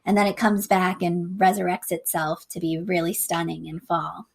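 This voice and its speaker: A woman's voice: fairly low pitch, flat delivery, gravelly. Chatty woman co-host, joking. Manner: chatty, quick to agree and joke. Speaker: podcast co-host. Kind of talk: casual gardening chat.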